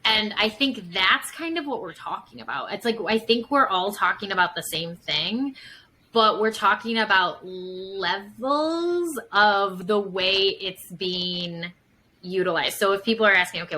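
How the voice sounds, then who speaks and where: A woman psychotherapist chats as a podcast guest, using many fillers and acting out examples. She speaks at a medium pitch and a measured pace, her voice pushed and bright. Slight background noise comes through the low-quality recording.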